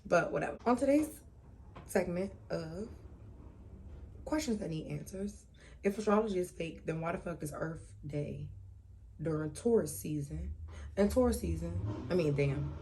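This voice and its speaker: A woman in her twenties hosts her own talk show in a low, gravelly voice. She talks loosely and profanely, full of asides and quick tangents. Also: slight background noise. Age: 20s. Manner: loose, profane and animated, with frequent asides and laughs. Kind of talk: casual solo talk show.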